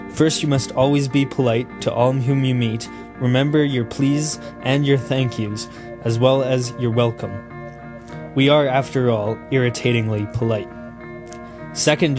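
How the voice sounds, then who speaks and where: A man from Canada giving dry, mock-instructional scripted comedic narration. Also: mid-range voice. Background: background music.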